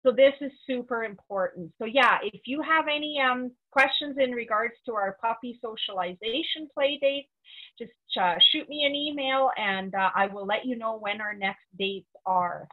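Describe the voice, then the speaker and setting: Woman, dog trainer, webinar lesson, practical and instructive, higher voice, tinny phone-like audio. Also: moderate pace. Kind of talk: webinar teaching.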